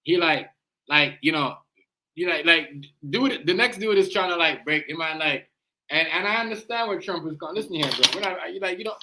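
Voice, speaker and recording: A man with a Jamaican accent riffs through a casual reaction stream. His voice sits high for a man and has a bright, forceful edge. He talks in slang, leans hard on his points and keeps checking in with "you know what I mean". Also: moderate pace. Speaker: livestream reaction host.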